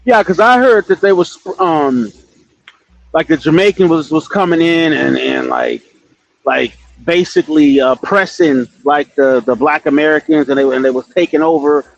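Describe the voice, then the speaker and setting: A man from the US West Coast calling into a stream, asking questions haltingly with many ums and restarts. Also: on the high side, gravelly, dry recording. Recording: dull, dry streamed audio.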